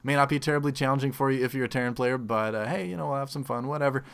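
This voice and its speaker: A man's voice: mid-range voice, racing, vocal fry, clean tone. A man casting a replay of his own game, rambling with frequent restarts and groaning at his mistakes. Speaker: game caster. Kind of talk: self-deprecating replay commentary.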